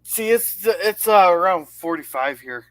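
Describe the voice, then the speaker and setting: A man co-hosting a casual livestream from home, talking in a halting, hesitant way with many fillers. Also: sits high, animated, a bit bright, no echo. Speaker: livestream co-host. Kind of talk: casual live-stream chat.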